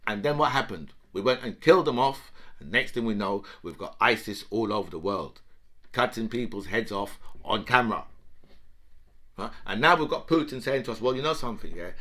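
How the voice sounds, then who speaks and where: A man's voice: lowish voice, lively intonation, normal speed, sharp tone. A man giving heated political commentary. He talks emphatically, swears, and keeps asking "right?".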